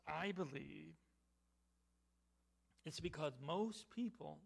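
A man preaching a sermon to his congregation, emphatic, with halting restarts that build to louder, higher points. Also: gravelly. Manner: emphatic, rising in pitch and volume on key points; halting restarts and repeated words.

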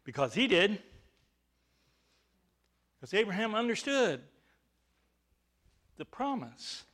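Slow, high-voiced preaching man. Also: big pitch swings, fairly bright tone. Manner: emphatic, with rising bursts of volume and rhetorical questions. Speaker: pastor. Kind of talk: sermon.

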